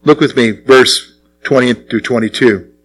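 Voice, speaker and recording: A middle-aged man preaching a sermon as pastor, asking the congregation questions and answering them himself, with sudden drops to quiet asides. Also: unhurried, low-quality recording. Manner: swings between raised, punchy lines and low, quiet asides.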